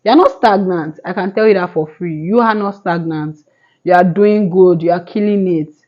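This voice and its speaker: A woman's voice: lowish voice, normal speed, highs cut off. A young woman in her twenties giving earnest motivational advice to camera, rambling with restarts. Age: 20s. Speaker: vlogger. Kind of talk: casual motivational talk to camera.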